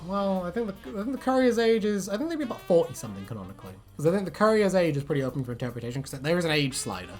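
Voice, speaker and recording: Woman co-host, low voice that swings widely, playful chat over faint music. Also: rapid-fire, hardly any pauses. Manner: animated, laughs often, jumps into silly voices. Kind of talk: casual chat.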